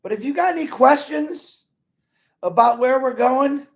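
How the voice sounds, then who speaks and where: Earnest, gravelly-voiced man. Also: very high-pitched, a little slow. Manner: earnest, rambling, repeats himself. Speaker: company supporter talking to members. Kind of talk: casual motivational talk.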